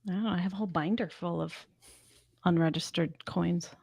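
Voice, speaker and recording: A woman's voice: on the low side, fairly even intonation, brisk, vocal fry, a little mellow, husky, no echo, studio quality. A woman co-hosting a casual podcast, wry and self-deprecating. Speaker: podcast co-host.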